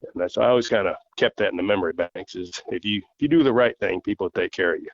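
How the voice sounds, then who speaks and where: A man with a fairly low voice tells long folksy stories as a podcast guest, taking his time. His audio sounds dull and slightly muffled, and very dry. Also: dry recording. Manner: folksy, unhurried storyteller. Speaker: guest, coonhound handler. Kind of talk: storytelling in casual interview.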